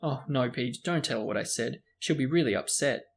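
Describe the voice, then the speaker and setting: Man doing a flustered high schoolgirl. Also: lively intonation, fairly quick, creaky. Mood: frantic. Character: anxious, well-meaning schoolgirl.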